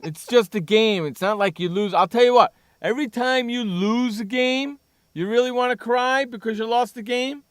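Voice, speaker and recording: A man's voice: very high voice, normal speed, a bit bright, clean tone, no echo, clean studio sound. A man hosting sports talk radio, ranting bluntly and sarcastically about a player.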